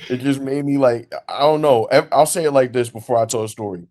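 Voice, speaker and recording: A man, a podcast host telling a long story in casual, slangy, animated chat. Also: mid-range voice, brisk. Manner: animated, slangy, laughs through his story.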